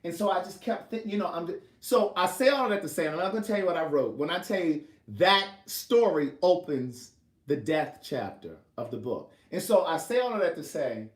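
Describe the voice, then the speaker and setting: A man's voice: on the high side, animated, brisk, distant mic. Rambling storyteller man in an echoey room. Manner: rambling, repeats and restarts phrases. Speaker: author and vlogger. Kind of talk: casual storytelling to camera.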